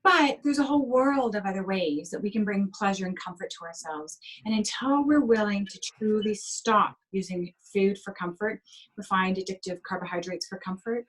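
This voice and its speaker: A woman coaching on sugar addiction as a guest in an interview, speaking gently and heartfelt, sometimes acting out inner voices. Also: medium pitch, rough recording. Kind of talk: interview over video call.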